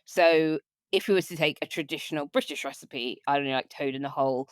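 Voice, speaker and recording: A woman's voice: low-pitched, a little fast, clear, resonant tone, no echo. A woman co-hosting a podcast, reading out news and chatting with easy laughter on a close mic. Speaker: podcast co-host. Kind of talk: casual news chat.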